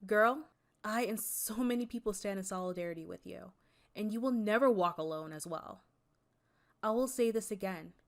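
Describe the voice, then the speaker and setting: A woman's voice: medium pitch, moderate pace, gravelly. A young woman YouTuber, an artist, talking earnestly and candidly in a personal vlog, with a voice she herself calls Valley Girl. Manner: earnest and candid, mixing serious and playful.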